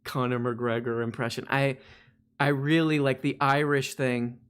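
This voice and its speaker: A man's voice: medium pitch, flat delivery, a little slow, a bit bright, clear, resonant tone. A man hosting a casual live stream, rambling and laughing at himself as he reads requests. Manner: rambling, laughing, self-mocking. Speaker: streamer host.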